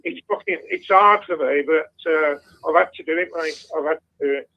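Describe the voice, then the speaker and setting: A gravelly man rambles through a casual phone-in call, swearing freely as he goes. His voice sits a little high for a man and has a lot of fry. The line is dull and lo-fi. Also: moderate pace. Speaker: caller.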